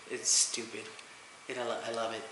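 A man's voice: mid-range voice, steady tone, moderate pace, bright, forceful tone. A man co-hosting a casual chat, laid-back and slangy, often laughing. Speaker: podcast co-host. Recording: very echoey room with faint noise.

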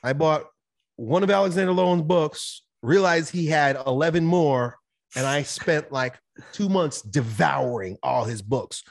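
A man talking as a podcast guest, telling a personal story in a candid, animated way, swearing now and then. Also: on the high side, a little slow, gravelly. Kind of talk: casual conversational storytelling.

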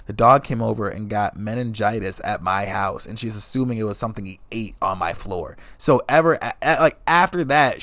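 A young man telling dating stories in a profane, animated rant, swearing constantly and laughing as he goes. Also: lowish voice, dry recording. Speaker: vlogger. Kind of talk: profane comedic storytelling rant.

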